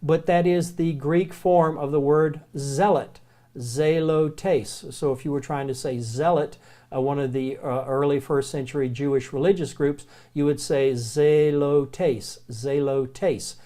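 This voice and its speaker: A man with a Southern American accent gives a recorded Greek lesson, stretching out each vocabulary word. His voice sits a little high but sounds mellow and soft. He talks in a loose, chatty way. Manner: relaxed, chatty, repeats words slowly. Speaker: Greek teacher. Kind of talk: recorded classroom lecture.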